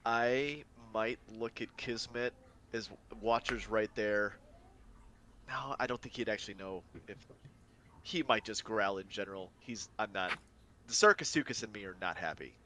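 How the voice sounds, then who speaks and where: A man's voice: fairly low pitch, moderate pace, bright, forceful tone, a little hiss or hum. A man playing a tabletop game, rambling and thinking aloud about his character's moves. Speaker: player. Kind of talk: casual tabletop play.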